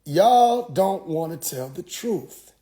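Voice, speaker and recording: A man's voice: high voice, lively intonation, slow pace, dark tone. A man, telling a profane, comedic story with heavy slang. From Atlanta, US.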